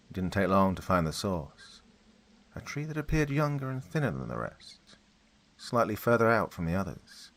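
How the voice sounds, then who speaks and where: Low, husky male storyteller. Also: fairly bright tone. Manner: measured, dramatic reading. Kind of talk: first-person story narration.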